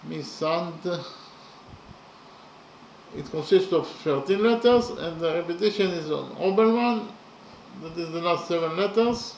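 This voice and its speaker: A man explaining verse slowly and methodically, counting syllables and letters aloud with many pauses. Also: on the high side, darkish tone, reverberant, a little hiss or hum, rough recording. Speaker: poetry lecturer. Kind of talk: methodical spoken analysis of verse.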